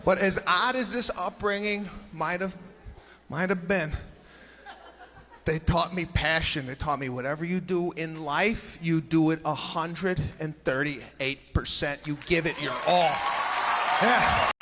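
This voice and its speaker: A man doing stand-up comedy, telling stories in an animated, exasperated way. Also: on the high side, unhurried, long reverb tail, a faint crowd, slight background noise.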